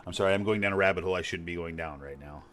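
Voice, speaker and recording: A man's voice: deep voice, racing, a bit bright. A man in his forties streaming a game, talking bluntly and profanely in a rambling casual chat. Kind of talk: casual chat while gaming.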